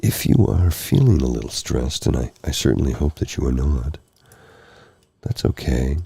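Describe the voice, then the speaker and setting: Tired, hoarse male ASMR host; extremely deep, dark, gravelly voice; soft, rambling, apologetic delivery. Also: sing-song, normal speed, dry recording. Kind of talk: soft-spoken ASMR live stream. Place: candlelit room at home. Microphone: close mic for ear-to-ear speaking.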